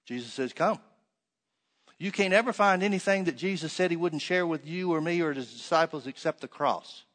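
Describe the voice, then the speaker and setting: A man preaching a sermon, reading scripture aloud and then explaining it with rhetorical questions, swinging between loud emphatic stresses and hushed asides. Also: fairly high pitch, brisk.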